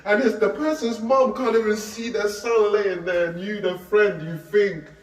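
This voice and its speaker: A man's voice: high voice, steady tone, measured pace. A man tells an emotional street talk, intense and repetitive, pleading with listeners he calls Aki. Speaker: speaker recounting a friend's death. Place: outdoors on a street. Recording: echoey, distant, faint ambience.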